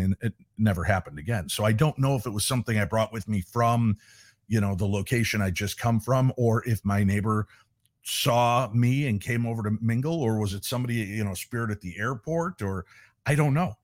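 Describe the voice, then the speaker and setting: A man's voice: on the low side, brisk, no echo, studio quality. A middle-aged man, a paranormal investigator, telling stories in a casual interview and animatedly acting out the voices he quotes. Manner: animated storyteller who acts out quoted voices.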